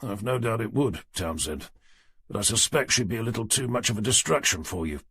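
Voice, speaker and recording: Man playing DI, sardonic, husky, lively delivery. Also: lowish voice, a little fast, dry recording, exaggerated voice. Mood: dry, sardonic. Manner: dry, commanding, sardonic. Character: gruff weary middle-aged male detective inspector. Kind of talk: audiobook character reading.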